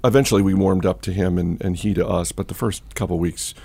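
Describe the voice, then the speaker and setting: Gravelly low-voiced male podcast host. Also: fairly even intonation, a little fast, a little mellow, no echo. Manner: chatty, with many fillers and restarts. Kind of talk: casual storytelling and market chat.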